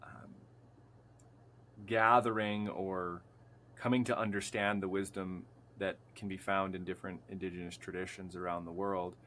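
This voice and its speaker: A man's voice: low-pitched, flat delivery, normal speed, fairly bright tone, slight background noise. A man, a podcast guest, speaking earnestly and contemplatively in long flowing phrases. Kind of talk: reflective conversational chat.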